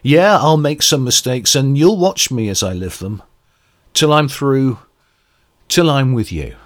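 A man's voice: medium pitch, animated, unhurried. Earnest man reviewing music. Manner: reflective, earnest, searching for words. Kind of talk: radio album review commentary.

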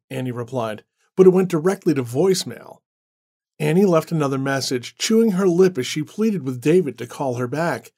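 A man narrating a horror story in a measured, dramatic way. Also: a little high, animated, darkish tone.

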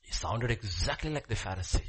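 A man preaching a sermon in a church, swinging between soft asides and loud, animated emphasis. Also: on the low side, brisk, slightly rough. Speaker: pastor.

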